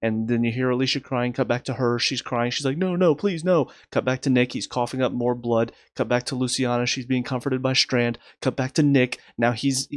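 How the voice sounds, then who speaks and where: A man casually reviewing a TV episode, exasperated and sarcastic, restarting his sentences often and recapping scenes in quick lists. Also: mid-range voice, dry recording, clean studio sound. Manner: rapid recaps in a flat list. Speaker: TV review host.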